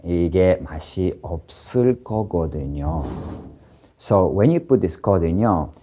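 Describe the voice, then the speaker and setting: A man explaining grammar in a casual lesson, hesitating often with fillers and restarts, then rattling off quick example phrases. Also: deep voice, expressive, mellow. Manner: halting, many fillers and restarts, switching into quick Korean examples. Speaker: Korean language teacher.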